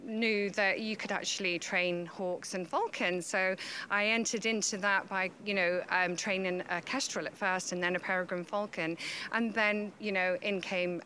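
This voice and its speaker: A woman with a bright, forceful voice talks about her work as a falconer. She chats in a halting way, full of fillers and little laughs. Faint outdoor ambience sits behind her. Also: on the low side, slight background noise. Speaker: falconer interviewed on site. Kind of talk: casual interview answers.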